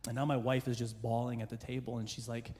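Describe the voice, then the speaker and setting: Comic church storyteller in a roomy hall. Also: male voice, mid-range voice, little pitch movement, fast talker. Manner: comic, self-deprecating storyteller who shifts into hushed earnest passages. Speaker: church speaker. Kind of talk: humorous sermon storytelling. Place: church hall with a live audience. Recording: roomy hall reverb with faint background noise.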